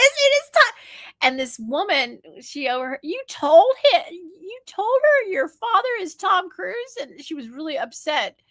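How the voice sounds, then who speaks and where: A woman in her fifties, a livestream host, telling a long personal story in a rambling, halting way with many restarts. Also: mid-range voice, pushed and bright, no room sound, studio quality.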